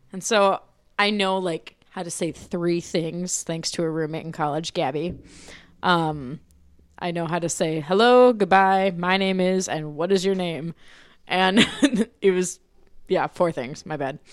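A woman's voice: fairly low pitch, smooth, no room sound, clean studio sound. A woman co-hosting a podcast in casual chat, telling stories with acted-out quotes and frequent laughter. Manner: animated storyteller, laughs often, acts out quotes. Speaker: podcast co-host, teacher. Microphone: studio podcast mic.

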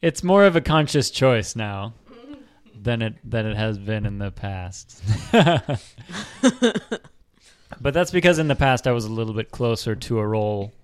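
A man hosting a relaxed podcast chat, talking slowly and thoughtfully. His voice is smooth and resonant, and he hedges with plenty of fillers and restarts. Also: on the low side. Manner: easygoing, hesitant with many fillers.

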